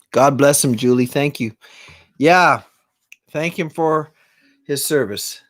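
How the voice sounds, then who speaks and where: Slow-talking joking male singer-songwriter. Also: a little high. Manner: joking, chatty, reads viewer comments aloud. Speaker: singer-songwriter hosting a live stream. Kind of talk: casual chat between songs.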